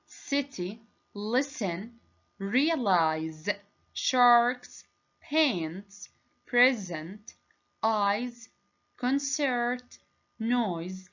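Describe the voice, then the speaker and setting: A woman English teacher giving a lesson, speaking slowly and deliberately and praising answers. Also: mid-range voice, fairly bright tone. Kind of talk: recorded classroom lesson. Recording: dull lo-fi recording.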